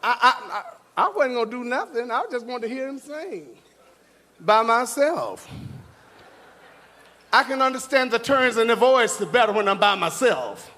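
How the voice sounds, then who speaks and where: An extremely high-pitched, pushed and bright male voice delivers an animated awards-ceremony speech from a stage in a large hall, at a measured pace with long pauses. He whoops, hollers, laughs, and bursts into bits of singing, and the recording carries big-hall reverb over faint music.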